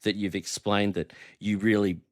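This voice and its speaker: A man hosting a casual podcast interview, asking gentle, inquisitive follow-up questions. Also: on the low side, flat delivery, moderate pace, no echo, studio quality. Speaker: podcast host.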